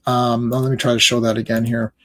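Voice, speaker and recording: A man's voice: mid-range voice, flat delivery, quick pace, a bit bright. A man giving casual reaction commentary on a movie trailer, rambling and exasperated with lots of fillers.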